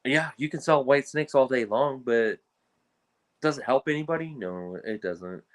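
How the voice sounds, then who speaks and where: A man speaking as a reptile breeder guest in a casual podcast conversation, talking in a blunt, animated and exasperated way. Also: mid-range voice, moderate pace.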